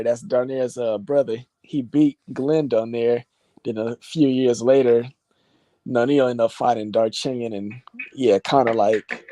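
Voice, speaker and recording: A man's voice: mid-range voice, dark tone, no room sound. A man co-hosting a casual chat, explaining fight history with many fillers. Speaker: co-host boxing fan.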